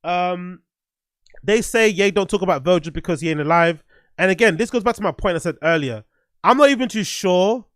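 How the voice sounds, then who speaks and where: A man's voice: high-pitched, brisk, dry recording, studio quality. A man hosting a podcast, giving blunt, profane opinions in casual commentary and thinking aloud as he goes. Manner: thinks aloud with restarts and fillers. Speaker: podcast host.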